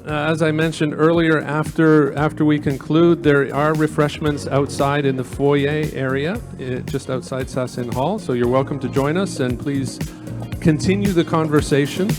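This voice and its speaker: A man moderates an event, politely asking guests onto the stage. His voice sits a little high. Music plays clearly behind him. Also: fairly even intonation, moderate pace. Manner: polite, inviting people on stage. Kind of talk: stage announcements.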